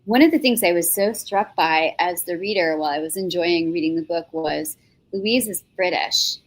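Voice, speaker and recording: A woman with a New York accent hosting an interview in a chatty, joking, expressive way. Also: on the low side, normal speed. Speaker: interviewer and show host. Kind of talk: casual conversational interview.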